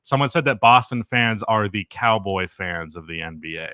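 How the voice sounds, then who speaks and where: A man's voice: fairly low pitch, lively intonation, normal speed, sharp tone, smooth, no room sound. A man co-hosting a casual sports podcast, ranting with blunt, profane opinions. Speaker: podcast co-host.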